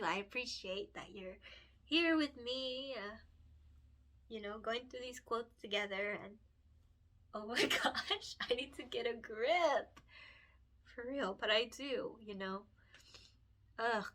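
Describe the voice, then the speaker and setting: Bright-voiced, emotional woman vlogger. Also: fairly high pitch. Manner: emotional, gushing, laughs often, filler-heavy. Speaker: picture book illustrator and vlogger. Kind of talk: casual chat while coloring.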